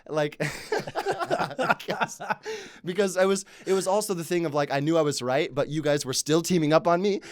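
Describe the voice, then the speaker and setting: Male podcast co-host, quick and animated with salty language, dry studio sound. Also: a little high, no room sound. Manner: animated, profanity-laced anecdote telling. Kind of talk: casual storytelling chat.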